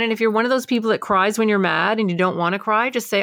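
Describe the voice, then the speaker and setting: Woman co-host, animated advice-giver, dry studio sound. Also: mid-range voice, fast, gravelly, hardly any pauses, no room sound. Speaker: co-host giving emotional advice. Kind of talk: casual advice chat.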